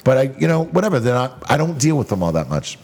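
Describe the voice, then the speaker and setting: A man's voice: mid-range voice, sing-song, a little mellow. A man who owns a bar, hosting a casual podcast chat and talking with lots of swearing and restarts. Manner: profane, rambling, quick talk. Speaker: podcast host, bar owner.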